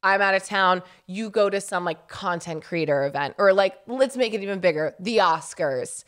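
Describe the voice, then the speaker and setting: A woman's voice: medium pitch, moderate pace, fairly bright tone, clean tone. A young woman co-hosting a podcast, chatting casually, laughing often and filling her talk with likes. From California. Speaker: podcast co-host. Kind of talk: casual chat.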